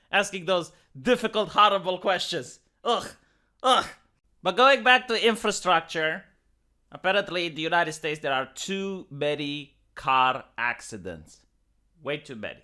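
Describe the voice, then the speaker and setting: Romanian-accented man, high voice, sarcastic mocking rant, exasperated commentary. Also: bright, forceful tone. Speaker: commentary streamer.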